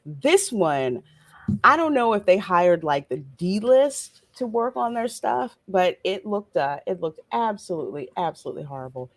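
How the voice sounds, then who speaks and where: A woman hosting a live stream, with a lively voice that swings up and down as she greets viewers and reads out their chat messages. She talks in a relaxed, chatty way. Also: medium pitch, normal speed.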